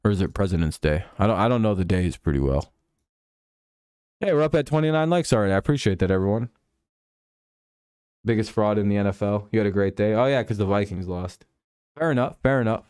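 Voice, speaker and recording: A man's voice: on the low side, brisk, pauses often, darkish tone, smooth, no room sound, studio quality. Young male streamer, loose and profane, mocks and rants while chatting with his viewers. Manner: profane, ranting, mocking. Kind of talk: live game watch-along chat.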